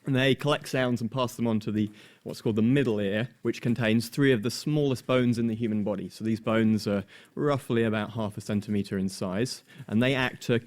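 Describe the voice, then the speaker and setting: Low-voiced methodical male engineer. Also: fairly even intonation, brisk, darkish tone. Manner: methodical, step-by-step. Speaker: guest engineer. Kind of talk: explaining to an audience.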